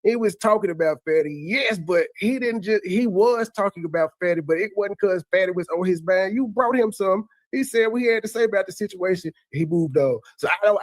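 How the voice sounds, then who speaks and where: A man with a high voice hosts a casual reaction commentary on a replayed clip. He talks conversationally in looping, repetitive, stammering restarts. There is no echo.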